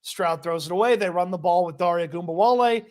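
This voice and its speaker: A man co-hosting a sports podcast, recapping a football game play by play in a casual, quick, laughing manner. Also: high voice, a little mellow. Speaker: podcast co-host.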